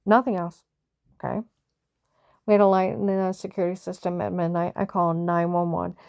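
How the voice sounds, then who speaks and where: A woman's voice: lowish voice, flat delivery, moderate pace, gravelly, a little mellow, no echo. A woman telling a personal story in a rambling, agitated monologue, often reenacting conversations and repeating herself. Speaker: vlogger recounting a personal story.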